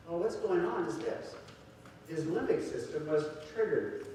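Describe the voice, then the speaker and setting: Man, seminar speaker, storytelling, slightly high voice, distant mic, big echoey hall. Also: expressive, unhurried, mellow, a little hiss or hum. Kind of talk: seminar talk to an audience.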